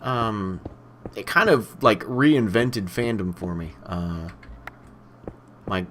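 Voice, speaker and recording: This young let's-play host talks slowly in a fairly low, somewhat bright voice with lively intonation, rambling through casual commentary full of "you know" fillers. A little hiss or hum runs through the audio.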